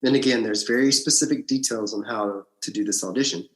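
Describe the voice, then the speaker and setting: A man's voice: mid-range voice, a little fast. Blunt, swearing man telling a story. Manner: blunt, swears freely, animated retelling. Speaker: actor, podcast guest. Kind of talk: casual storytelling interview. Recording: roomy echo.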